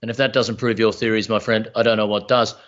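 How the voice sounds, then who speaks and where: A man's voice: lowish voice, little pitch movement, fast talker, fairly bright tone, muffled recording. A man in his fifties hosting a live Q&A, reading out viewer questions in a friendly way. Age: 50s. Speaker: event host. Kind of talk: moderating a live Q&A.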